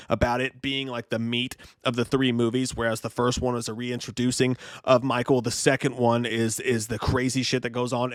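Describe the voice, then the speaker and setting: A man co-hosting a casual podcast chat, excitable and profane, full of fillers and restarts. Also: medium pitch, no echo, studio quality. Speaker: podcast co-host.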